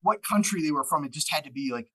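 A man's voice: on the high side, expressive, fast, bright, forceful tone, breathy edge, low-quality recording. A man who narrates audiobooks, talking as a guest in a casual interview. He rambles through stories, restarting phrases and acting out the back-and-forth he recalls. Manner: rambling storyteller, acts out quoted exchanges.

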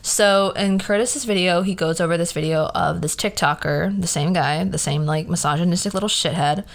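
Chatty young woman ranting, slightly low voice. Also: moderate pace, gravelly. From Peru. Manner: animated, chatty, heavy use of "like", laughs often. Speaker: podcast host. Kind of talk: casual solo rant.

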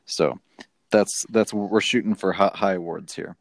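Young guy hosting game chat on a headset, kinda low voice, dry sound, laughs a lot. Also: fairly even intonation, unhurried, dry recording. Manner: upbeat, laughs often. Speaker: host. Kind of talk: casual chat while playing a game.

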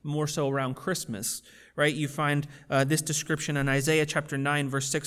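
A man's voice: fairly high pitch, normal speed, fairly bright tone. A man preaching a casual, conversational sermon with plenty of fillers, building in intensity as he goes. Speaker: pastor.

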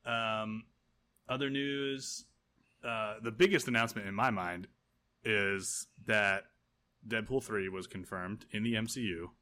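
A man's voice: lowish voice, steady tone, unhurried, sharp tone. A man co-hosting a casual podcast chat, rambling with lots of fillers and laughing often. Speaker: podcast co-host.

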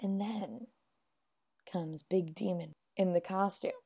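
A woman's voice: lowish voice, takes it slowly, creaky, dark tone, husky. A woman casually recapping a movie in a rambling way, with lots of "like" fillers. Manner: rambling, peppered with "like".

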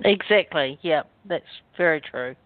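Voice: mid-range voice, a little slow, no echo. Radio host agreeing in short bits, dry tinny phone sound. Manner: affirming, brief replies. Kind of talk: spiritual radio interview.

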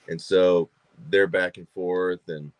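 Speaking unhurriedly in an extremely low voice, a man from Georgia, USA shares stories as a podcast guest; he's an actor and filmmaker whose chatty style leans on fillers and repeated words. It's a dry recording.

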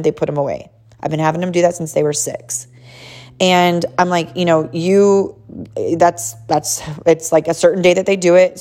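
A woman's voice: lowish voice, mellow. A woman in her thirties, a mother casually telling a story about her son in an emphatic, chatty way, often calling listeners "y'all".

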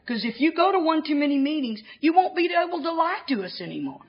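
A woman's voice: high-pitched, fairly quick, dull audio. Laughing woman telling her story. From Texas, USA. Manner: lively storyteller, laughs at herself often. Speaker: recovery speaker. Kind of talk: humorous personal testimony to an audience. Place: convention hall gathering.

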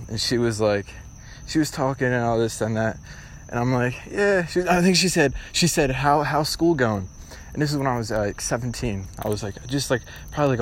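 A man's voice: medium pitch, slight background noise. A young man hosting a casual solo podcast, talking bluntly and ramblingly with lots of swearing. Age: young adult. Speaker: podcast host.

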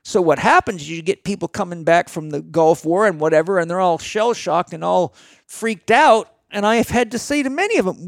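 Blunt middle-aged man, high gravelly voice. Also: brisk, no room sound, studio quality. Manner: emphatic, blunt, lecturing. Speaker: guest. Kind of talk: motivational talk.

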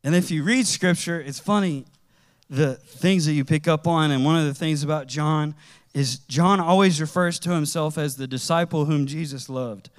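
A man preaching a sermon in a conversational, animated way, with casual slang as he tells stories. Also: fairly high pitch, moderate pace.

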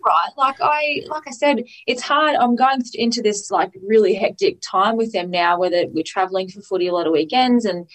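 A woman talking in a relaxed, reflective way, full of likes and you-knows. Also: medium pitch, moderate pace, few pauses, rough recording. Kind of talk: casual chat.

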